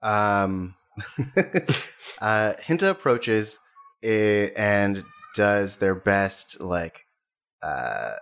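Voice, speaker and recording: A man's voice: on the low side, expressive, very slow, long pauses, fairly bright tone, clear, resonant tone. Man playing a tabletop game, hesitant. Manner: hesitant, laughing between lines. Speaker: player. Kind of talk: casual tabletop chat.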